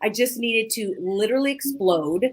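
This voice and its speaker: A woman hosting a podcast in casual conversation, animated and acting out her own past inner thoughts as she talks. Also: on the high side, normal speed, slightly rough. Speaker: podcast host.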